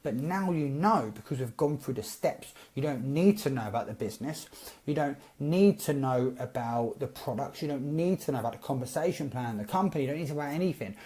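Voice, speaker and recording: A man coaching network marketers in a casual live stream, chatty and animated, acting out both sides of text chats. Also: mid-range voice. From Britain.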